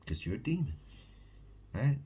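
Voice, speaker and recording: A man's voice: mid-range voice, very animated, moderate pace, mellow, slightly rough. A man delivering a rambling, agitated monologue to camera, preaching and repeating questions at the listener. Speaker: video monologue host.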